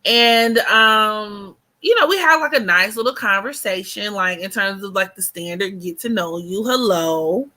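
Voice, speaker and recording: Young woman vlogger with a bright, forward voice, gabby storytime energy. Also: mid-range voice, a little slow, hardly any pauses. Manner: chatty and animated, heavy on fillers, addresses viewers as y'all. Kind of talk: casual storytime chat.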